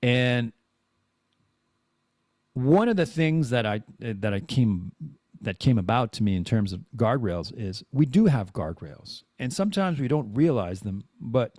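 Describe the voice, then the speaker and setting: Male podcast host, mid-pitched, lively intonation, rambling off-the-cuff monologue, dry recording. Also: unhurried, no room sound. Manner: rambling and animated, with many restarts and repeated words. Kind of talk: casual live-streamed monologue.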